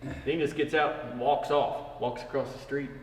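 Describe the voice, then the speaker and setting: A man, a firefighter, recalling a colleague in a soft, reflective way. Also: medium pitch, steady tone, normal speed, a little hiss or hum. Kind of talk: casual storytelling. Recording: echoey hall, voice from far off.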